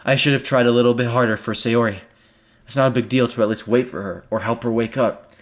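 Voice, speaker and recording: This male streamer talks fast in a medium-pitched, steady voice while commenting live on a game and reading its text aloud. He shifts from hushed, fearful muttering to loud, startled outbursts, repeating short phrases over and over.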